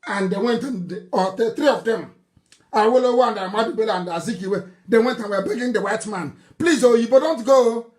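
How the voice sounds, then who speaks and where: A man with a Nigerian accent giving an impassioned live broadcast speech, mocking and scornful, laughing and shouting at times. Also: high-pitched, fairly quick. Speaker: political broadcaster.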